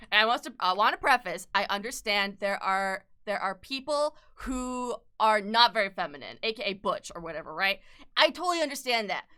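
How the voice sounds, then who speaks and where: A young adult woman chatting casually on an art livestream, excitable and gushing, swearing freely and laughing often. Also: on the high side, clear, resonant tone. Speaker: artist livestreamer. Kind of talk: casual chat while drawing.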